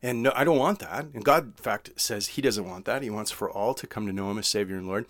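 A man preaching a sermon. He reads scripture slowly, then explains it in casual words with frequent "right?" asides. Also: lowish voice, a bit bright, no echo. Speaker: pastor.

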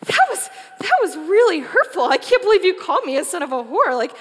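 A woman voicing a young man, loud and high-pitched, talking urgently to his best friend. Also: sing-song, moderate pace, long reverb tail, exaggerated voice. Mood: hurt.

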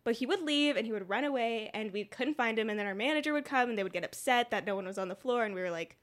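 Chatty young woman with a higher voice. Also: fast talker, a bit bright. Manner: chatty, giggly, finishes co-host's sentences. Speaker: podcast co-host. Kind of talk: casual chat.

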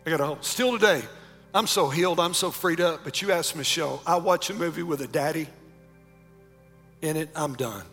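A pastor preaching a sermon, moving between shouted calls and low, close talk. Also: male voice, normal speed, husky, big-room sound, soft background music. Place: large church sanctuary.

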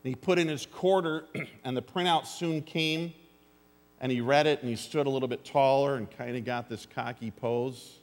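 A man's voice: mid-range voice, steady tone, moderate pace. A pastor preaching a sermon to his congregation, earnest and plainspoken, with dry jokes and calls for an amen. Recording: long hall reverb.

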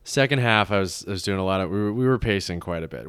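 A man's voice: low-pitched, fast talker, a bit bright, clean tone, no echo. A young man co-hosting a podcast, telling crude stories in casual chat and acting out the dialogue. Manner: crude storytelling, acts out dialogue. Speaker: podcast co-host.

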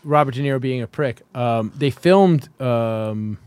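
A man's voice: mid-range voice, measured pace, darkish tone, smooth, no echo, clean studio sound. A man co-hosting a podcast, telling rambling, crude stories in casual chat. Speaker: podcast co-host.

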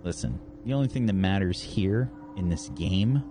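A man's voice: low voice, animated, moderate pace, over music. A man voicing an unhinged young male killer who snarls threats. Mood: menacing.

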